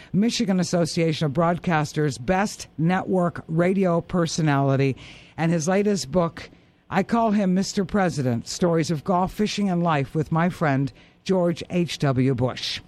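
A woman's voice: lowish voice, a little mellow. A woman hosting a golf radio show, chatting with a guest in an eager, effusive way. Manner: laughs often, eager and effusive. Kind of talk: casual interview chat.

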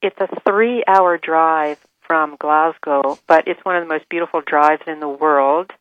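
A woman author telling stories as a radio guest, enthusiastic and animated. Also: sits low, a little slow, dry recording, phone-quality sound. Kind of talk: radio interview.

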